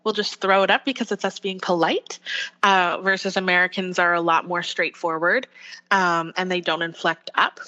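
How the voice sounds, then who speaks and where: A woman's voice: lowish voice, fairly even intonation, normal speed, pushed and bright, dull audio. A woman with a West Coast Canadian accent, an actor chatting as a podcast guest, upbeat and full of fillers. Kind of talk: casual podcast interview.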